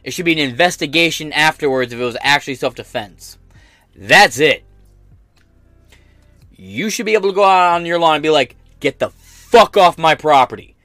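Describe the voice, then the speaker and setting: A man's voice: on the high side, animated, fairly quick, pauses often, bright, forceful tone, no room sound, faint music behind. An American man hosting a podcast, reacting to news in a blunt, profane rant. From United States. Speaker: podcast host. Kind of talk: casual reaction commentary.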